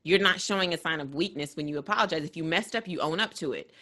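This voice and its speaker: Young woman on a podcast, lowish voice but bright and forceful, earnest casual chat. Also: fast talker. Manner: earnest, animated storytelling with laughs. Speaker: podcast co-host.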